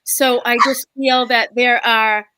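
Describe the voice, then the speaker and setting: A woman's voice: fairly high pitch, slow, noisy background. A woman guest, a spirit medium, telling stories in a casual interview and acting out the voices of the people she quotes. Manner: expressive, acts out quoted voices, laughs often. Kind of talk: animated storytelling in a casual interview.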